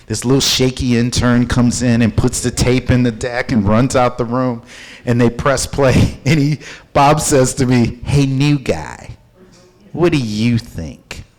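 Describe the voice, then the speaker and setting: A man from Houston, a company founder, tells a story in an interview. He is animated and acts out the people he describes. His delivery has the easy rhythm of a practiced storyteller. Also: medium pitch, moderate pace. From Houston, Texas.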